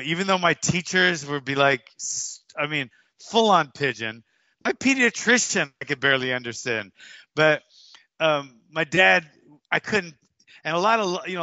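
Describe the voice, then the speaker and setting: A man's voice: fairly high pitch, bright, forceful tone, no echo. A man in his fifties from Hawaii, a martial arts coach telling stories in a casual interview with many restarts. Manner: rambling, with many restarts and fillers. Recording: dull, dry, lo-fi sound.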